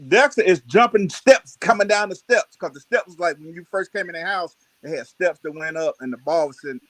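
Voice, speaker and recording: A man casually telling childhood stories on a livestream, animated and laughing, full of slang. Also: sits high, a little fast, dry recording. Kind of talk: casual storytelling chat.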